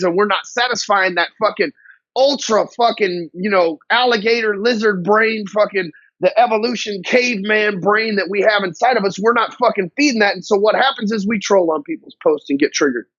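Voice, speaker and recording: High-voiced blunt, swearing male business coach. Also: fairly bright tone, no room sound. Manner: blunt, heavy swearing, slangy grammar. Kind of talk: profane motivational talk to camera. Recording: dull, dry lo-fi audio.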